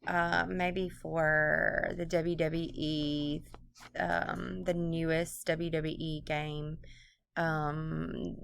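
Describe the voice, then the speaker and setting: A woman teaching a recorded literature lesson in a low, unhurried voice. Her tone is bright and clear, and she fills pauses with ums and corrects herself as she goes. It sounds like a computer mic in a quiet room. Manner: conversational, many ums and self-corrections. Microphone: computer microphone.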